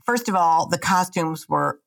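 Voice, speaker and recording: A woman's voice: on the low side, expressive, unhurried, creaky. Chiding, talkative older woman. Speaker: podcast co-host. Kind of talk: casual chat.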